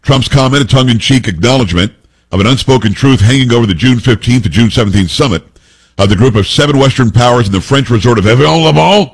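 Male talk radio host with a husky, mid-pitched voice, blunt and opinionated, reads the news and then weighs in. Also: animated, fast talker.

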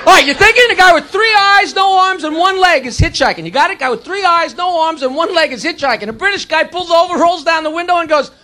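A man telling crude rapid-fire jokes on stage and heckling the audience. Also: very high voice, sharp tone, slight background noise. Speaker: stand-up comedian. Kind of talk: stand-up joke telling.

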